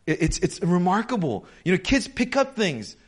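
A man preaching a sermon in a conversational, animated way, acting out quoted voices as he goes. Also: sits high, normal speed, slightly rough. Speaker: pastor.

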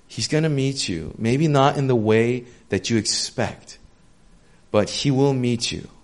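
Male preacher, soft earnest sermon, chatty with lots of um and you know. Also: mid-range voice. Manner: earnest and gentle, with casual fillers.

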